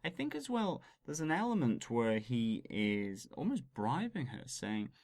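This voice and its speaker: A man's voice: medium pitch, wildly swooping pitch, unhurried, a little mellow, dry recording, clean studio sound. A man co-hosting a podcast, explaining scenes and slang in an enthusiastic, chatty way. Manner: enthusiastic and explanatory, describing scenes with some fillers. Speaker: podcast co-host. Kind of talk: casual podcast chat.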